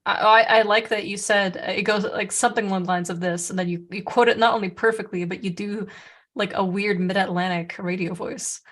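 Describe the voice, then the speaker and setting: A woman co-hosting a podcast in a loose, casual conversation. She rambles through her points with many fillers and restarts. Her voice sits at an ordinary mid pitch. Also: steady tone, fairly quick, a bit bright. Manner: rambling, filler-heavy, laughs often. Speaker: podcast co-host. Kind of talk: casual chat.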